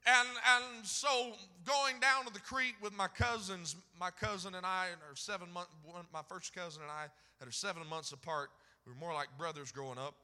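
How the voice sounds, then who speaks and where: Fervent Southern preacher in a hall. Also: male voice, high-pitched, steady tone, moderate pace, hardly any pauses. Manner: fervent, swells loud on scripture then drops to folksy storytelling. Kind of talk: sermon. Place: church sanctuary.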